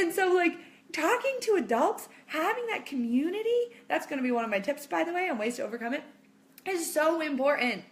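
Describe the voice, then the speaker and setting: A woman in her thirties chatting casually to camera as a mom vlogger, reassuring viewers and acting out quotes in animated voices. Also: sits high, brisk.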